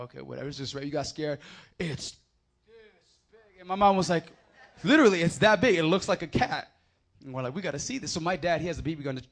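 A man preaching a sermon, swinging from loud emphatic scripture readings to quiet, casual storytelling. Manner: builds to loud emphatic proclamations, then drops low for anecdotes.

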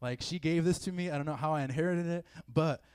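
A man's voice: a little high, fast, clear, resonant tone, no room sound. A man giving a casual sermon to a youth group in a meeting room, chatty and full of fillers. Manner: conversational, filler-heavy, acts out quoted feelings. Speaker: youth preacher. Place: meeting room with a live audience.

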